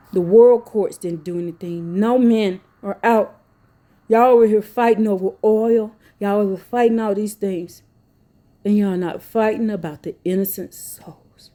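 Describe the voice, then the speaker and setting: A woman's voice: mid-range voice, warm tone. A woman preaching with fervor, scolding her listeners and reading scripture aloud. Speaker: preacher speaking to followers. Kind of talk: impassioned preaching.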